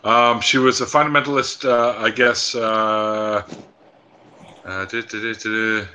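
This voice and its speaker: A man's voice: on the low side, fairly even intonation, unhurried, sharp tone, clear, resonant tone. A man hosting a casual podcast chat, speaking hesitantly with many fillers. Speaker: podcast host.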